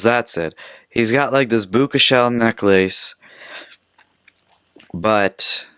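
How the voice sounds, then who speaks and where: A man's voice: fairly low pitch, fairly bright tone, smooth, no echo, studio quality. A young man from Canada hosting a casual solo podcast, telling stories in a rambling, profane, chatty way. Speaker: podcast host.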